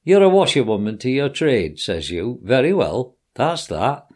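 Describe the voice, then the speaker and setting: A good-hearted, burly engine driver voiced by a man in a storybook reading. He talks in a homely, rustic way, with a lively lilt to his voice. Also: mid-range voice, measured pace. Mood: friendly. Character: kindly burly male train engine driver.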